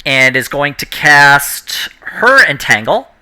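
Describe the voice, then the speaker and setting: A man with a very bright, ringing voice runs a tabletop game as dungeon master. His pitch swings widely as he explains the rules and stops to correct himself. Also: very animated, takes it slowly, smooth. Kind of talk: running a tabletop game online.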